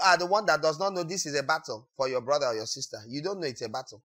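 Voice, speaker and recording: A man preaching a sermon as pastor, acting out quotes and breaking into sudden shouts. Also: fairly high pitch, quick pace, hardly any pauses.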